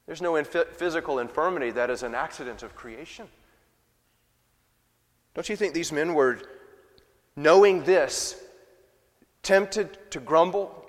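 A man preaching a sermon, swinging between loud emphatic passages and quiet, low asides. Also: measured pace, long pauses. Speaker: pastor. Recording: long reverb of a large hall.

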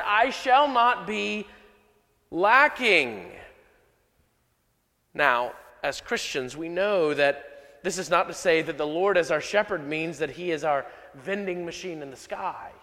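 Slow, high-voiced preacher in a reverberant hall. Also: male voice, pushed and bright. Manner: measured, emphatic preaching with slow repeated key lines. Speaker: pastor. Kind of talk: sermon.

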